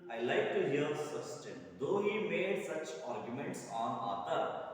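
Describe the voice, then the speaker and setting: Man, slightly high voice, teacher explaining a text, repeats and rephrases, long hall reverb. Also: big pitch swings. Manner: repeats and paraphrases each line slowly, clears throat. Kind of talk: classroom lesson explanation. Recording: echoey hall, voice far from mic.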